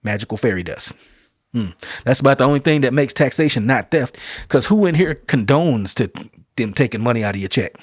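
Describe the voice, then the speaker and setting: A man's voice: medium pitch, animated, fairly quick, dry recording, studio quality. A middle-aged man hosting his show, delivering an emphatic opinion monologue full of rhetorical questions and folksy vernacular. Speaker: show host.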